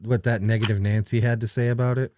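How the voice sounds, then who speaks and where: A man's voice: mid-range voice, flat delivery, fast, dark tone, slight background noise. A man co-hosting a casual podcast chat, telling rambling, profane stories with lots of restarts. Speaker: podcast co-host.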